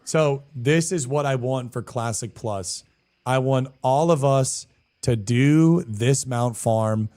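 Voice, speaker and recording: A man live-streaming a game, chatting casually with viewers in a slangy, animated way and answering chat messages. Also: medium pitch, takes it slowly. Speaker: streamer and guild leader.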